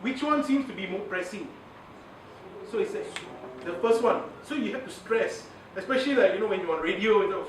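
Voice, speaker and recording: A man giving a lively communications workshop to an audience, laughing often and acting out examples. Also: sits high, fairly quick, background noise. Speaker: communications trainer. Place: large room with audience. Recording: very echoey room, voice from far off.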